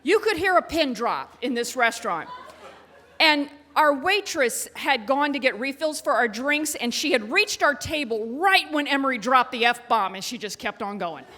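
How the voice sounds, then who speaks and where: A woman in her thirties telling a funny personal story to a live audience. Her voice sits fairly high, and her delivery is animated and self-mocking with punchy timing. She speaks into a handheld stage microphone. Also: normal speed, some chatter behind.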